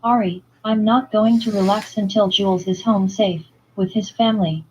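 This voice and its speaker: A woman's voice: mid-range voice, fairly even intonation, moderate pace, darkish tone, lo-fi sound, slight background noise, natural voice. A woman reading as a distraught young woman. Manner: pleading, anxious.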